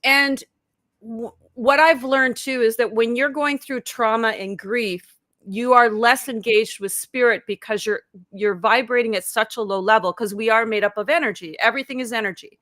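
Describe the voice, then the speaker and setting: A woman in her fifties chats as a guest on a live video call, her voice bright and sharp with a dry, close sound. She tells her story casually, scattering "like" through it and acting out her own past thoughts as quotes. She sits a little higher in pitch than most women. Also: steady tone, moderate pace, no echo. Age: 50s. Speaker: life coach and guest.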